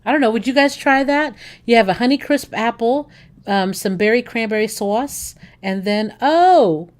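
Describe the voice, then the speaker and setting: A woman's voice: on the high side, expressive, moderate pace. A woman from the United States hosting a livestream, chatting casually with viewers, enthusiastic and gushing about food, rambling with fillers and self-corrections. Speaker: livestream host.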